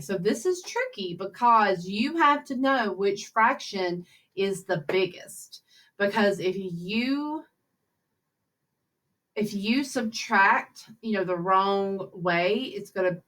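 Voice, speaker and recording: A woman's voice: mid-range voice, a bit bright. A woman teacher talking students through fraction problems in a recorded lesson, chatty and upbeat, thinking aloud as she works each step. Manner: chatty, upbeat, talks to kids while working problems aloud. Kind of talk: recorded math lesson over slides.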